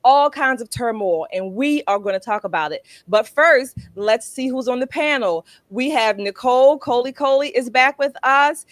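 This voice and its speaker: Woman host rallying viewers, kinda high voice, dry close sound. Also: animated, moderate pace, hardly any pauses, dry recording. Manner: emphatic, chatty, rallying the audience. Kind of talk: political talk show commentary.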